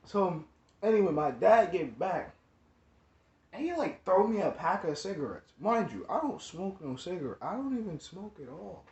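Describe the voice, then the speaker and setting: A young man tells a rambling, slangy story packed with "like" and "you know what I'm saying" in casual storytime. His voice is high-pitched and expressive at normal speed, recorded in an echoey room with dull lo-fi sound and faint noise.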